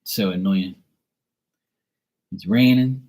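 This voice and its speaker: A man's voice: low voice, slow, a little mellow. A middle-aged man reading tarot on a live stream, chatting casually and bantering playfully with viewers in the chat.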